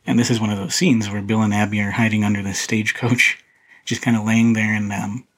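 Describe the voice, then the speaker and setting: A man hosting a podcast, casually talking through a film in a relaxed, rambling way with many fillers and restarts. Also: on the low side, fairly quick, poor audio. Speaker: podcast host reviewing a film. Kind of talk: casual solo film commentary.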